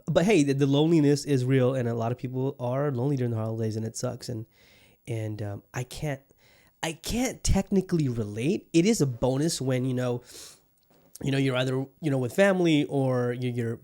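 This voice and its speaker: A man's voice: mid-range voice, mellow. A man hosting a solo podcast in a casual monologue, rambling and restarting his sentences often, loose, joking and profane. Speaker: podcast host.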